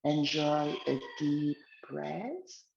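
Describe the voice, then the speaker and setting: Slow, gentle woman guiding a relaxation exercise. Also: low voice, expressive, creaky, reverberant, muffled recording. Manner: slow, gentle guiding of breathing and neck movements. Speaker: wellness instructor. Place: outdoors in the countryside, chickens nearby.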